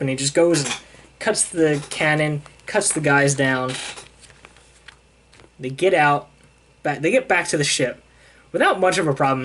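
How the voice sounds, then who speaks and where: A man's voice: on the high side, fairly bright tone. A young man casually retelling a comic book plot, rambling and self-deprecating as he paraphrases the characters.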